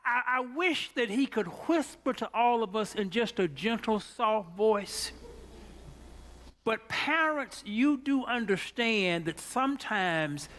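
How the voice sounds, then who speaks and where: A man preaching a sermon, telling a story in a folksy way and building from soft talk to shouts. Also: high voice, lively intonation, slow pace.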